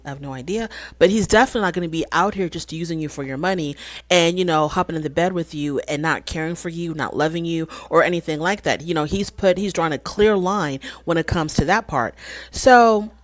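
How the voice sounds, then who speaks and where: Opinionated woman recapping, low-pitched, dry sound. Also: no room sound. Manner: opinionated, animated retelling with quoted dialogue. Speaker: reality show recapper. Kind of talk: casual recap commentary.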